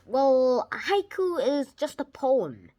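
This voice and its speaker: A child giving a casual spoken video report, explaining things eagerly in a rambling way, with many restarts and lively jumps in pitch and loudness. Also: takes it slowly. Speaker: video reviewer.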